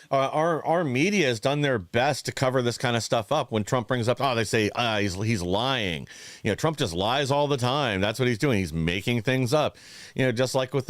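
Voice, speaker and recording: A man's voice: medium pitch, smooth, no room sound. A man co-hosting a political podcast, speaking earnestly with many hesitations. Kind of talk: casual political talk.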